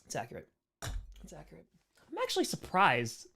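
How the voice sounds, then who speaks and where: A man's voice: on the high side, wildly swooping pitch, brisk, creaky, pushed and bright, slight background noise. A man hosting a casual live-stream Q&A, reading chat messages aloud and answering with playful jokes and frequent laughs.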